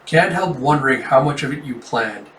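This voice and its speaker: A man's voice: medium pitch, expressive, normal speed, fairly bright tone, close to an everyday voice. A man reading an easygoing male general. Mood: friendly. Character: steady male general, friendly to his host. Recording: roomy, distant mic, faint background noise.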